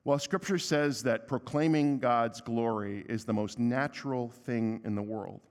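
A man preaching a sermon as pastor, conversational and emphatic, with a humorous aside and a softer voice when he prays. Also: measured pace. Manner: softer and lower for prayer. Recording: long reverb of a church hall.

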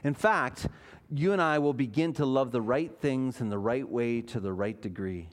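A man's voice: mid-range voice, normal speed. A man, a pastor, preaching a sermon in church, earnest and emphatic, asking his listeners questions.

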